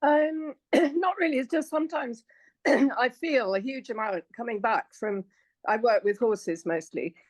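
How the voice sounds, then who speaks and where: A woman taking part in an online group class, speaking hesitantly and clearing her throat. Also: a little high, measured pace, no echo. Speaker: class participant. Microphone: video call.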